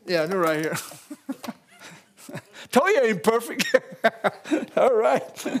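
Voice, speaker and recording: Older preacher guy, real high voice, folksy, keeps chuckling. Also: very animated, very slow. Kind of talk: sermon.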